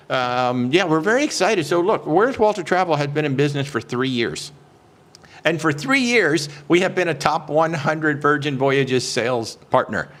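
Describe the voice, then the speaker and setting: A man hosting a live cruise question-and-answer stream as a travel agent. He talks in an excitable, chatty way, greets viewers by name and fills pauses with lots of "uh"s. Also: medium pitch. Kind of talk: casual live-stream chat.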